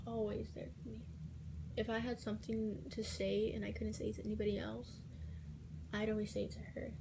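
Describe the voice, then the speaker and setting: Flat, gravelly teenage girl. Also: mid-range voice, noisy background. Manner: halting and hesitant, with frequent restarts and soft whispered stretches. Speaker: vlogger. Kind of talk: personal confessional storytelling.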